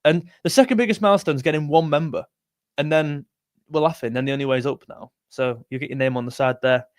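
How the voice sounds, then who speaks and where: Casual male streamer, a touch high-pitched, dry close mic, chats loosely through comments. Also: fast, no echo. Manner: chatty, rambling, self-correcting. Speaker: football livestream host. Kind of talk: live stream chat reading comments.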